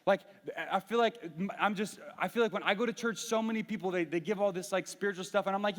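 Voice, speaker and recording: Young man, youth pastor, candid sermon, slightly high voice, long hall reverb. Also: quick pace, few pauses, fairly bright tone. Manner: earnest, candid storytelling with many restarts.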